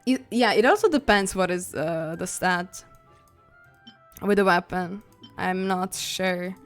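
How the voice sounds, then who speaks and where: A woman live streaming a video game, chatting casually with her viewers, giggly and prone to excited squeals. English is not her first language. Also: fairly low pitch, slow. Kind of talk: casual gaming stream chat. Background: faint game music.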